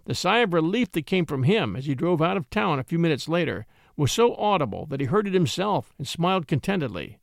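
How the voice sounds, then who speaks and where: A male narrator reading an old-fashioned tale with plenty of expression. His voice sits somewhat high and moves animatedly up and down the scale. The sound is close and completely dry. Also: vocal fry, dry recording. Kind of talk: scripted story narration.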